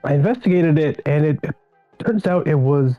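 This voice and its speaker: A man co-hosting a casual podcast, telling a story in a halting, stumbling way. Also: fairly high pitch, expressive, narrow, tinny audio, faint music behind. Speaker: podcast co-host.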